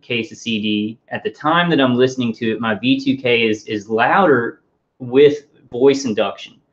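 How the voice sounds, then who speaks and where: A man talking casually to his viewers in a rambling, halting way, full of restarts and fillers. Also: mid-range voice, muffled recording. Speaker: vlogger.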